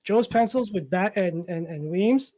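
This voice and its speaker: A man's voice: sits high, animated, measured pace, warm tone. A man from New Jersey chatting casually on a comics livestream, rambling and self-deprecating, with the odd swear. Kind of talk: casual livestream chat about comic art.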